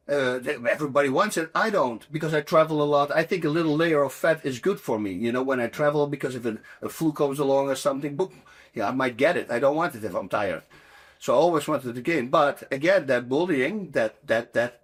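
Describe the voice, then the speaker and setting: A man in his sixties from the Netherlands with a Dutch accent, telling stories as a guest in a casual interview, emphatic and animated, with non-native phrasing. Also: mid-range voice. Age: 60s. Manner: animated, emphatic storyteller with broken English phrasing.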